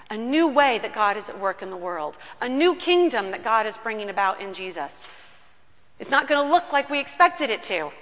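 A woman pastor preaches with a bright, forceful voice that sits somewhat high for a woman. She tells the story earnestly and slows down to lean on key words. Her voice rings out with a long reverb in a church sanctuary. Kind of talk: sermon. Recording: long reverb of a large room.

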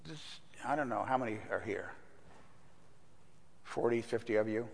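An older man gives a conversational sermon, mixing stories with scripture in an everyday, mid-pitched voice. His words echo with a long church reverb. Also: normal speed, creaky, a little hiss or hum. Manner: conversational, anecdotal, with fillers. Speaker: pastor.

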